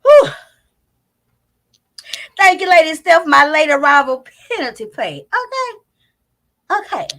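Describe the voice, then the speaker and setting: Loud, profane woman streaming live. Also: sits high, measured pace, pauses often. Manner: loud, profane, animated, talks straight to chat. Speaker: commentary channel host. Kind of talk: live-stream commentary chat. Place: home, indoors. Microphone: not on camera, live stream mic.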